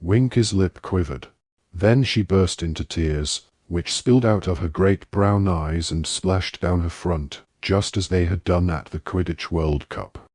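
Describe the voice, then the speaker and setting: A man narrating an audiobook in a steady storytelling manner. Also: sits low, a little slow, breathy edge, no room sound, studio quality. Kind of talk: scripted narration.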